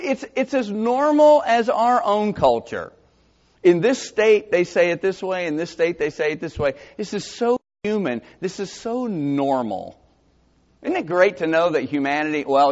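A man from Georgia, preaching a sermon in an animated, joking way and reading scripture aloud. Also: high-pitched. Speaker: pastor. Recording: dull sound, long hall reverb.

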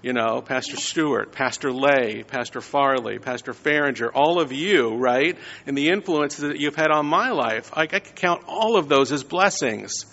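A man's voice: medium pitch, normal speed, few pauses, fairly bright tone, in a large hall, dull audio. A man giving a conversational sermon, often checking in with his listeners. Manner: conversational, frequent "right?" tags. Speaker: preacher.

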